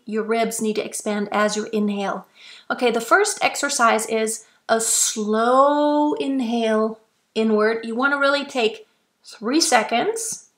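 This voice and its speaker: Slow-speaking vocal coach, woman. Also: fairly high pitch, a bit bright. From Germany. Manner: patient, demonstrative, coaching. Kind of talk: instructional explanation.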